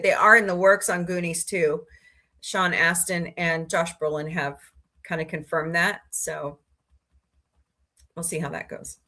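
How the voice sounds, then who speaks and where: A woman's voice: mid-range voice, bright, forceful tone. A woman hosting a casual livestream, chatting in a rambling way, sniffly, and greeting viewers by name. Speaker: livestream host.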